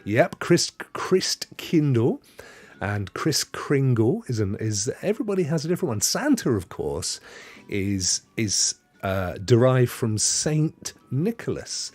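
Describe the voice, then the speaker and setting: A man's voice: mid-range voice, very animated, unhurried, darkish tone, husky, dry recording. A man from Devon, hosting a casual livestream chat and rambling playfully with viewers. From Devon, England. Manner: rambling, playful, spins tall tales. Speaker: host.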